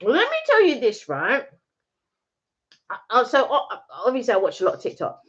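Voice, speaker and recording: A British woman chatting on a live stream in a bright, animated voice that swings freely in pitch. She argues her case with insistent repetition. The audio is slightly muffled and lo-fi. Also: normal speed. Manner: emphatic, persuasive, repeats her point. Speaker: co-host of a live chat stream. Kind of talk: casual live-stream chat.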